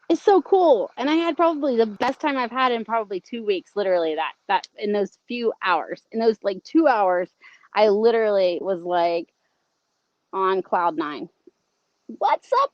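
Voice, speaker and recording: A Southern-accented woman hosts a casual livestream, bubbly and talkative as she greets her viewers. Her voice sits at an ordinary middle pitch. The recording is dry and a bit dull and lo-fi. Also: no room sound. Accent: Southern American. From American South. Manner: bubbly, chatty, talks to viewers and reads comments aloud. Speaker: livestream host.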